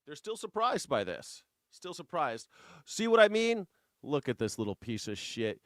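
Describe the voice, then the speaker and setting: A man hosting a live news reaction show, profane and mocking, at times slipping into a soft taunting croon. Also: fairly high pitch, big pitch swings, moderate pace, no echo, studio quality. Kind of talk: live political commentary.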